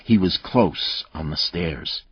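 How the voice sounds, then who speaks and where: Deep-voiced, slow male audiobook narrator. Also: breathy edge, no room sound, highs cut off. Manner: measured, dramatic storytelling. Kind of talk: scripted thriller narration.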